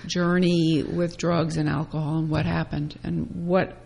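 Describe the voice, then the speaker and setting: A woman's voice: low-pitched, little pitch movement, measured pace, vocal fry, a little mellow, breathy edge. A woman hosting an interview, asking curious follow-up questions. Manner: curious, prompting follow-ups. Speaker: host.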